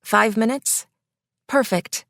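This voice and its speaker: A woman's voice: fairly high pitch, slow pace, vocal fry, fairly bright tone, no room sound, full character voice. A woman voicing a polite, overwhelmed neighbor who apologizes and offers coffee, in a dry audiobook reading. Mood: apologetic. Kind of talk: audiobook character voice.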